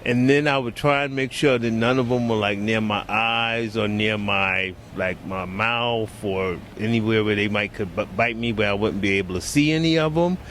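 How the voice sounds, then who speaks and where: A man's voice: fairly low pitch, moderate pace, hardly any pauses, fairly bright tone, a little hiss or hum. A man answering a question casually and hesitantly, rambling with many fillers, recorded outdoors in a city.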